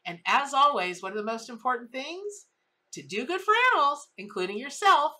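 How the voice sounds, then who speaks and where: A woman's voice: high-pitched, sing-song, a little fast, sharp tone. A woman tarot reader telling a story in a casual reading, emphatic and full of repetition.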